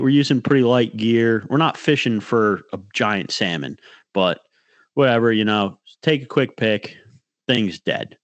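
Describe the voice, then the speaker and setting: Here a man's smooth, mid-range voice comes through lo-fi audio with no echo. He's a podcast co-host rambling through a fishing story in casual chat, restarting as he goes and acting out what others told him.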